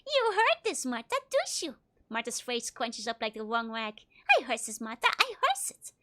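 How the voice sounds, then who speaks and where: Cranky old crone who tends corpses, played by a woman, mumbling sing-song, high and shrill. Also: wildly swooping pitch, normal speed, sharp tone, full character voice. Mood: furious.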